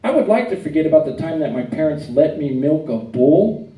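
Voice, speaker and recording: A middle-aged man from Arizona performing a stand-up comedy set, telling stories deadpan and chuckling at his own jokes. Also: on the high side, brisk, noisy background. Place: comedy club stage. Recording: echoey club heard from a distance.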